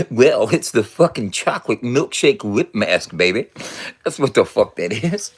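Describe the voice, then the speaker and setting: A man's voice: mid-range voice, very animated, measured pace, slightly rough. Profane laughing man in his fifties. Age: 50s. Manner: loose and profane, laughing often, boastful banter. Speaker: vlogger. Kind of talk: casual rambling vlog.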